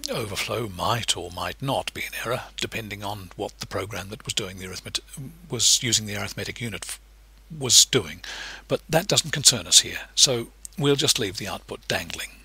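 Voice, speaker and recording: A man's voice: a little fast, husky. A man giving a recorded lecture, explaining patiently step by step. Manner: patient, explanatory, lively pitch shifts.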